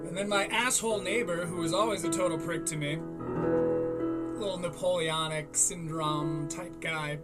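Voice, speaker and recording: A man's voice: a little high, steady tone, normal speed, over loud music. A man hosting a podcast, telling a story in a casual, profane way and often laughing between lines. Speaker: podcast host.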